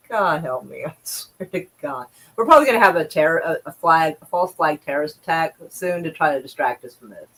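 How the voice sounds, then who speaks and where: A woman's voice: low-pitched, lively intonation, moderate pace, a bit bright, low-quality recording. A woman livestreaming, reading news aloud and reacting with sarcastic, profane commentary and exasperated sighs.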